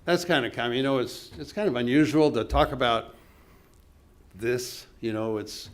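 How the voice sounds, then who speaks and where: An older man delivers a motivational keynote from a stage. His voice sits at an ordinary middle pitch, and he tells stories in an earnest, conversational way, dropping his voice low for quoted lines. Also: normal speed. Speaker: keynote speaker. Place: conference hall stage.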